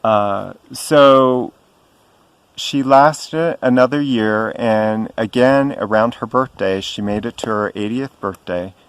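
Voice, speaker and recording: A middle-aged man telling a personal story to camera in a gentle, reverent way, pausing often with ums. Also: fairly low pitch, clean tone, dry recording. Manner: slow and hesitant, frequent ums and pauses. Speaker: spiritual vlogger.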